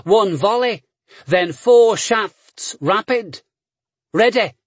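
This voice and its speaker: A man's voice: very high voice, slow, bright, forceful tone, dry recording, voice pushed up, exaggerated voice. A man voicing a terse male archer captain who barks short battle orders. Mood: commanding.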